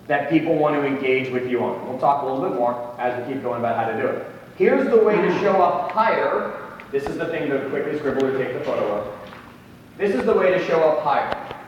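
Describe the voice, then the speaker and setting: A man presenting a live seminar to an audience in a conference room, joking and speaking to the crowd directly. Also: mid-range voice. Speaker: real estate tech seminar presenter. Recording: echoey hall from far off, faint noise.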